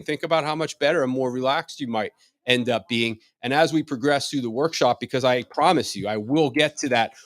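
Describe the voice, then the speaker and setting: A middle-aged man leads a wellness workshop, chatting and joking with his audience and firing off rhetorical questions. He often repeats his first words before getting a sentence going. His voice sits at an ordinary pitch and sounds close and dry, with no room echo. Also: a little fast. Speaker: chiropractor leading a wellness workshop. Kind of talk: informal live workshop talk.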